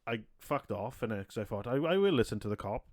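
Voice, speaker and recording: A man's voice: medium pitch, expressive, brisk, darkish tone, dry recording, studio quality. A man, co-hosting a podcast and telling a rowdy, sweary story with a lot of laughter. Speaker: podcast co-host. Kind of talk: casual storytelling chat.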